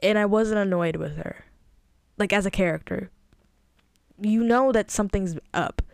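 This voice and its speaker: A woman's voice: medium pitch, normal speed, creaky, a little mellow, smooth, no echo, studio quality. A young adult woman hosting a podcast, reviewing a TV episode in a chatty, emphatic way with exasperated asides. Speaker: podcast host. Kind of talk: casual TV review monologue.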